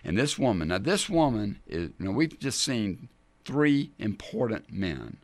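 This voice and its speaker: A man hosting a Bible teaching show, telling scripture stories in an animated way and acting out the people in them. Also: on the low side, unhurried, dry recording. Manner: animated, acts out the scripture scenes in character voices. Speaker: men's ministry teacher and show host.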